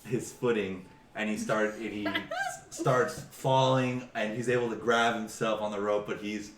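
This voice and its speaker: A man narrates a tabletop game as dungeon master in a low, lively voice, stumbling through his sentences with amusement. He sounds distant, with a roomy echo. A steady noise sits behind him. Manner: rambling, halting, amused. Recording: distant echoey room, noisy.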